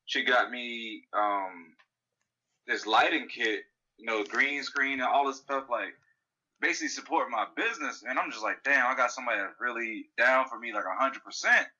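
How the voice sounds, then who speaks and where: A man's voice with a very bright tone, in a casual chat as a podcast co-host. He talks in a rambling way, with frequent "you know" and "like". The recording sounds a bit dull and lo-fi. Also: mid-range voice, normal speed, slightly rough.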